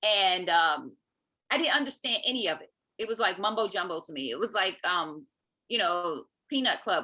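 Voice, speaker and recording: Bright-voiced woman telling her story animatedly. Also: medium pitch, moderate pace. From Maryland, US. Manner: animated, acts out quoted speech, often adds "right?". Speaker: podcast guest, parent advocate. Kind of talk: personal storytelling in conversation.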